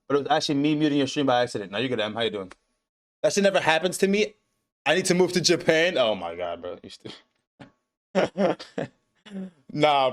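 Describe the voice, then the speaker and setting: A man hosting a livestream from home, recapping an anime in a relaxed, profane, laughing way. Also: a little high. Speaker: stream host. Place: home streaming setup. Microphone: desk setup with webcam.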